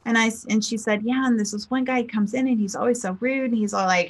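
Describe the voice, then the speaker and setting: A woman's voice: fairly high pitch, fairly even intonation, brisk. A middle-aged woman, a spiritual teacher and life coach, giving a chatty motivational talk and acting out the people in her stories. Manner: chatty storyteller, acts out quotes.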